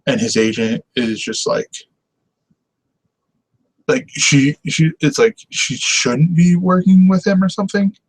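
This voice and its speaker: A man's voice: a little high, steady tone, measured pace, slight background noise, poor audio. A man hosting a casual TV review show, talking in an enthusiastic, rambling way and laughing often. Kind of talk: casual on-camera review chat.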